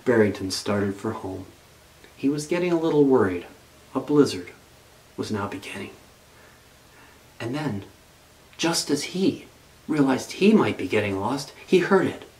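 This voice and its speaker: Slow-paced male pastor telling a story. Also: mid-range voice, rough recording. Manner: expressive read-aloud storytelling. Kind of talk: storytelling in a sermon.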